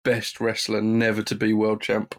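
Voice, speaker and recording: A man's voice: lowish voice, monotone, normal speed. A man co-hosting a casual podcast, easygoing and wry. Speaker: podcast co-host.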